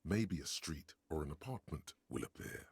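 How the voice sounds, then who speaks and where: A man voicing the sardonic inner-voice narrator of a detective game, deep and gravelly. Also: animated, normal speed, heavily acted. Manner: dry, sardonic description.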